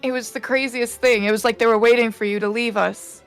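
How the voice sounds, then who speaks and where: A woman's voice: a little high, fairly even intonation, fairly quick, clean tone, soft background music. A woman playing in a tabletop game, chatting politely and casually and often laughing. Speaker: player.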